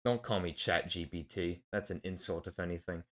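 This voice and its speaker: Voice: sits low, fairly quick, fairly bright tone. A vlogger ranting in a casual film review, angry and blunt, swearing heavily and restarting when worked up.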